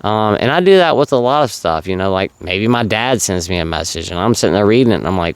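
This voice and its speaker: A man's voice: fairly low pitch, lively intonation, fast talker, few pauses, clean tone, no room sound. A man giving casual, earnest advice as a vlogger, rambling and full of fillers. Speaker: vlogger sharing recovery advice.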